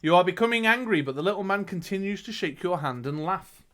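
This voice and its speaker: A man's voice: sits high, expressive, fast, fairly bright tone. A young man reading a fantasy gamebook aloud on a live stream, breaking off to chat and laugh. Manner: reads the book aloud with laughing asides. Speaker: game master reading the gamebook.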